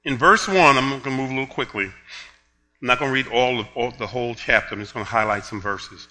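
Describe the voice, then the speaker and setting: A man preaching a sermon, telling a story with laughs, then reading scripture slowly and building to loud emphatic points. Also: medium pitch. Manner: drawn-out, slow reading of scripture.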